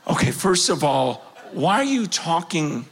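This is a high-pitched male preacher in his fifties, delivering a sermon as a story from his own life. He pushes hard with passion, then drops to a near-hush, and his voice keeps rising and falling. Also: very animated, unhurried, creaky, husky. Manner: impassioned, swinging between loud urgency and hushed quiet.

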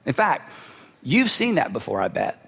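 A man's voice: a little high, huge pitch swings, normal speed, gravelly, a bit bright, slightly rough. A man preaching a sermon as a pastor, telling stories in a conversational way with humorous asides. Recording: long hall reverb.

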